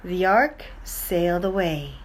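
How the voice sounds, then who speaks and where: A woman reading a children's storybook aloud, in a slow, clear and expressive way. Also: on the low side. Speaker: storybook reader.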